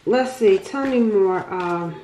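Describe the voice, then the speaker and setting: A woman giving a casual tarot reading, chatty and excitable, thinking aloud and often laughing. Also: medium pitch, slow, a little hiss or hum. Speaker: tarot reader. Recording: echoey room.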